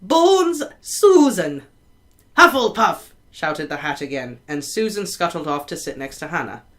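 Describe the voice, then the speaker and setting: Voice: medium pitch, expressive, brisk, fairly bright tone. An amateur reader works through a novel chapter aloud in an easy, unpolished way. Now and then a word slips and gets corrected on the spot. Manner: casual reading with stumbles and self-corrections.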